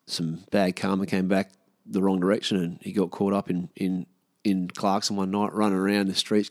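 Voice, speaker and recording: A man's voice: low voice, a little mellow, no room sound, clean studio sound. A man in his thirties with an Australian accent, telling stories from his past in a casual, laid-back way, swearing freely and often trailing off. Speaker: podcast host. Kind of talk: casual storytelling monologue.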